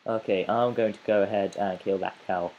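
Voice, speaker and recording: A man's voice: fairly low pitch, steady tone, a little fast, muffled recording. A man giving playful, rambling let's play commentary as a gaming channel host, chatting to the animals in his game.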